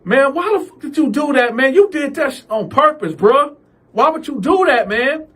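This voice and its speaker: A man's voice: very high voice, expressive, moderate pace, bright, forceful tone, voice pushed up, heavily acted. A man voicing an angry, exasperated young man who cusses and pleads, raised well above his own voice.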